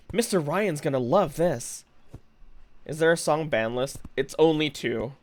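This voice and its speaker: A man's voice: on the high side, lively intonation, slow, no room sound. A young man streaming live, chatting playfully with his viewers and laughing often. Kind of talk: casual live-stream chat.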